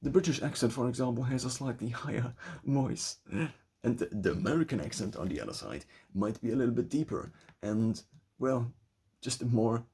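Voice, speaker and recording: A man's voice: medium pitch, expressive, moderate pace, dark tone, husky. A young man with a German accent, talking through his thoughts in a loose spoken essay, restarting phrases as he goes. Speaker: vlogger.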